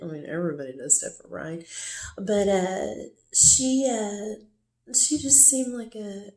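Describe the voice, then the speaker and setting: A woman's voice: medium pitch, darkish tone. Rambling woman telling a story, echoey room. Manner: rambling, many fillers and asides. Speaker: storyteller recounting a relationship. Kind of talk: casual personal storytelling.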